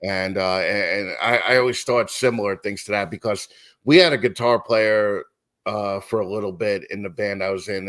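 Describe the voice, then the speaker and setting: A man's voice: fairly low pitch, fairly bright tone. A middle-aged man, a musician guest, chatting casually and telling rambling stories with many restarts. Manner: rambling storyteller, lots of restarts and acted quotes. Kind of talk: casual podcast chat.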